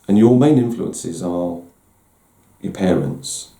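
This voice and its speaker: A man's voice: low voice, slow, mellow. A middle-aged man giving a candid, self-deprecating personal talk as host, often restarting his words. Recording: roomy echo.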